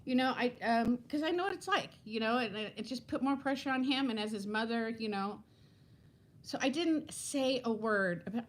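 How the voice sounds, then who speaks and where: Fifties lady on a home livestream, kinda high voice, warm and gushy, greeting folks by name. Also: normal speed, poor audio. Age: 50s. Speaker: vlogger hosting a live stream. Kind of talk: chatty live-stream storytelling.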